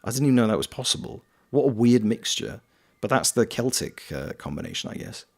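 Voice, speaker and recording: A man's voice: medium pitch, sing-song, brisk. A man from Wales chatting casually on a live stream while gaming, rambling and reading chat aloud. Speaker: streamer and voice actor.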